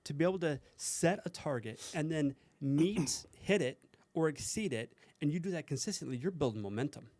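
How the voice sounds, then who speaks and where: Male podcast guest, earnest motivational coach, slightly high voice, dry close sound. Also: lively intonation, moderate pace, a little mellow, no echo. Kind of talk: casual podcast conversation.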